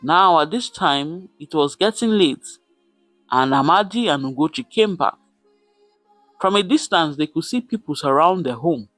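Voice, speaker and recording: A man's voice: a little high, expressive, moderate pace, a bit bright, no echo, soft background music. A man telling a folktale dramatically, repeating words for effect. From Nigeria. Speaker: storyteller. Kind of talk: folktale narration.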